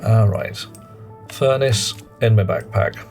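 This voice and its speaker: A man's voice: lowish voice, sing-song, slow, creaky, darkish tone, faint music behind. A man streaming a game, chatting in a rambling, self-mocking way. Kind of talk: live gameplay commentary and chat.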